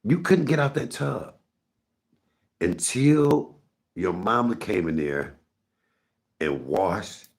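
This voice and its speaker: A man's voice: on the low side, animated, slow, long pauses. A middle-aged man hosting a live stream, telling rambling, candid stories and talking to his chat. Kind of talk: casual storytelling to viewers.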